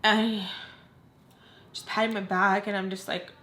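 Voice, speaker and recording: A woman's voice: medium pitch, flat delivery, unhurried, a bit bright. A young adult woman vlogger telling a personal story in a candid, emotional way, with lots of "like". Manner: candid, heavy use of "like". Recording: roomy echo.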